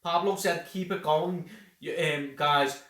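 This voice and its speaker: A man's voice: a little high, steady tone, slow pace, pushed and bright. A man co-hosting a reaction channel, reading viewer comments aloud and joking in casual chat. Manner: chatty, reads comments aloud, jokes. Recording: echoey room, distant mic.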